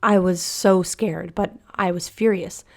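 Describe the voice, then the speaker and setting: A woman narrating a scary internet story in a hushed, slow, measured way. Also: lowish voice, fairly even intonation, gravelly. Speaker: narrator reading a horror story. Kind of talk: scripted horror narration.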